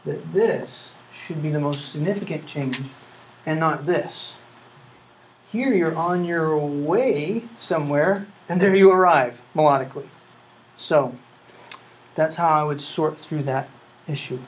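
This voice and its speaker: A music professor gives a classroom lecture in a slightly high, slow male voice, over faint background noise on a rough recording. He speaks earnestly, hums melodies, and checks in with his students through rhetorical questions.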